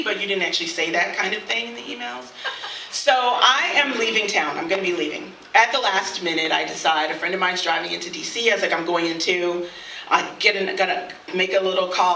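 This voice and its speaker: A woman performing a personal story live on stage, animated and quick to laugh, acting out the voices of others. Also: lowish voice, slight background noise. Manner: animated, laughs often, acts out quoted voices. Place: studio event space with audience. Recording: echoey room, voice from a distance.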